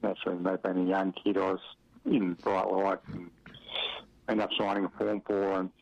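A middle-aged Australian man tells loose, chuckling stories about his football days, leaning on fillers as he goes. His voice sits very low with a gravelly edge. The recording is muffled and dry, like an old radio interview. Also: level tone, moderate pace, dry recording. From Western Australia. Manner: rambling, chuckling anecdotes with many fillers. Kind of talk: relaxed storytelling interview.

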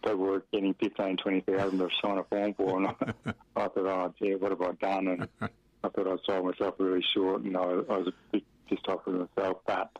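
A man's voice: sits low, little pitch movement, brisk, no room sound. A middle-aged Australian man from Western Australia, telling stories about his football career in a rambling interview, with lots of fillers and chuckles. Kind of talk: relaxed storytelling in an interview. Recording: dry, dull lo-fi radio audio.

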